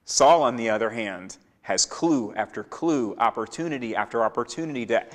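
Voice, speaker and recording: A man gives a Torah teaching in a church hall whose long reverb trails after his words. He moves between plain explanation and acted-out lines for the characters in the story. His voice sits at an ordinary pitch for a man. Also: lively intonation, moderate pace. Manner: acts out biblical characters' lines with shifting voice. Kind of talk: Bible teaching. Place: church sanctuary.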